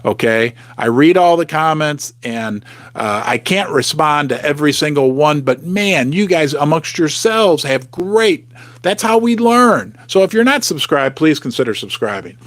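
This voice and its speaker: A chatty man hosts a casual livestream, answering viewers' comments as they come in. His voice sits a little high for a man, and it is recorded close with a dry sound. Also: unhurried, no room sound. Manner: chatty, reads out live comments, animated outbursts. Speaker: livestream host.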